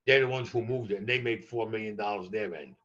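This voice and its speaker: An older man tells stories as an interview guest, blunt and profane. His voice is bright and forceful. The recording sounds a little dull and muffled. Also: on the low side, fast talker. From New York. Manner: blunt, profane, animated storyteller. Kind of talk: storytelling in a podcast interview.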